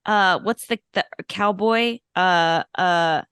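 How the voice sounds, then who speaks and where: A woman in her thirties co-hosts a film podcast, chatting casually in a rambling, self-deprecating way with lots of fillers. Her voice is fairly low and fairly bright, and she speaks slowly. The studio recording is clean, with no echo.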